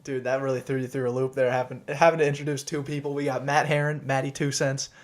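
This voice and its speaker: Guy cohosting a podcast, pretty flat voice, rambly upbeat banter. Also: mid-range voice, quick pace. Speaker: podcast co-host. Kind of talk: casual chat.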